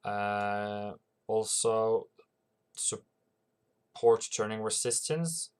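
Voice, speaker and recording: A man hosts a relaxed livestream about currency trading. He talks slowly and loosely, restarting his sentences and breaking off to greet viewers from the chat. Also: on the low side, clean tone. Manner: rambling, reads viewer comments aloud, frequent restarts. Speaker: forex trading channel host. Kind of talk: casual livestream market commentary.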